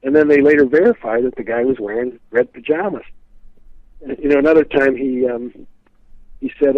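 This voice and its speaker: The interview guest, an expert on a historical psychic, tells casual stories in a brisk, mid-range voice. His answers ramble with plenty of "you know" and restarts, over a tinny phone line that's dry and echo-free.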